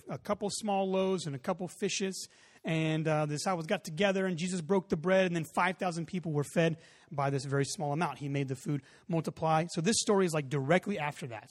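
A pastor preaching a sermon, telling a lively personal story and acting out the voices in it. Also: male voice, fairly high pitch. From Texas. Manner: animated storytelling, acts out voices. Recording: long hall reverb.

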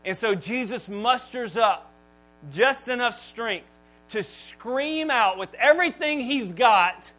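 A man preaching a sermon, swinging from hushed, slow phrases to loud bursts. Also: rough recording. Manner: dramatic pauses, drops to near-whisper, then booms. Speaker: pastor.

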